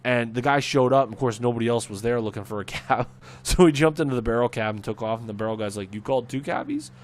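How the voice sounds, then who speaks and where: A man's voice: medium pitch, quick pace. Rambling man telling a casual anecdote. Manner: rambling, animated retelling with fillers and acted-out quotes. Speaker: gaming video storyteller. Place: at home, voice-over on gameplay.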